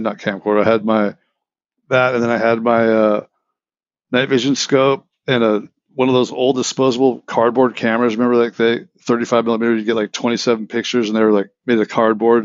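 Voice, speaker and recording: A man's voice: medium pitch, no room sound, muffled recording. A middle-aged man telling a long story in a casual, rambling way, full of restarts and vivid detail. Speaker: interview guest.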